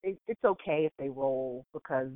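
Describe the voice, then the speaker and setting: A woman telling stories in a casual chat, animated and full of laughter, acting out what people said. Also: rumbling low, moderate pace, very noisy. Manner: animated storyteller, big laughs, acts out quotes. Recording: tinny phone-like line, dry.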